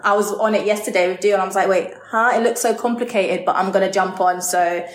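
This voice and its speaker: A woman's voice: mid-range voice, steady tone, a little fast. Chatty woman in an echoey room. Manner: chatty, lots of "like", laughs easily. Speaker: guest, model. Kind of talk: casual interview answers. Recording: roomy echo.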